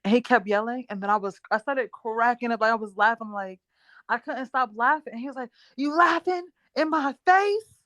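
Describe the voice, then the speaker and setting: A woman in her thirties co-hosting a podcast, a relaxed storyteller who laughs easily. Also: a little high, brisk, no room sound, studio quality. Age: 30s. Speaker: podcast co-host. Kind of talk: casual chat and storytelling.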